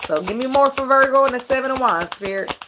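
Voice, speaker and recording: A woman tarot reader, high-voiced and fast, addresses her viewers in a casual reading monologue against a noisy background. She's preachy and profane, and gets emotional about her faith.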